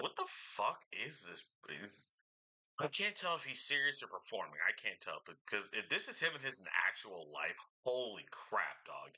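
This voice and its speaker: A man's voice: lowish voice, big pitch swings, moderate pace, husky. Exasperated man swearing at a clip. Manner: exasperated, swearing, loud outbursts. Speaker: streamer reacting to a debate clip. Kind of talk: casual reaction commentary. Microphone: studio microphone.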